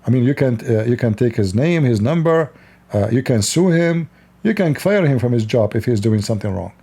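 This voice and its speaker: A man's voice: medium pitch, animated, brisk, warm tone, husky. A man from the East, hosting a livestream and giving blunt, lecturing advice with frequent laughs. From Middle East. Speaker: livestream host. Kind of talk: casual advice talk.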